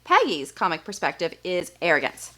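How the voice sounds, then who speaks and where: A woman's voice: lowish voice, huge pitch swings, moderate pace, fairly bright tone. Upbeat woman from Texas teaching. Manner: upbeat, storytelling. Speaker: host. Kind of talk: explanatory video lesson.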